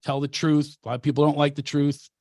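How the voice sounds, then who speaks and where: A man's voice: on the high side, little pitch movement, quick pace, mellow, no echo, clean studio sound. Brash storytelling comedian man. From Philadelphia. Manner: brash, self-mocking, preachy. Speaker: comedian and coach. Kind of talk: casual storytelling chat.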